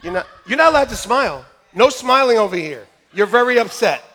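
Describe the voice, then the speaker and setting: A man preaching a lively sermon to his church, joking with volunteers in a staged skit and then shouting with excitement. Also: very high-pitched, brisk, some chatter behind. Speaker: pastor. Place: church sanctuary.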